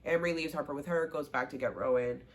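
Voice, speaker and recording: A woman recapping a TV season in a casual, animated way, acting out the characters' lines and gushing over favorite scenes. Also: deep voice, fast talker, a little hiss or hum. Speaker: show recap vlogger.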